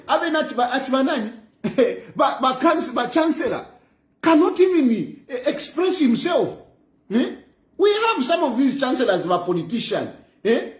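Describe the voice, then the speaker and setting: A man with a Zambian accent, lecturing in a mocking way and repeating phrases for emphasis, recorded in an echoey room. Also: extremely high pitch. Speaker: political commentator. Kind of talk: impassioned monologue.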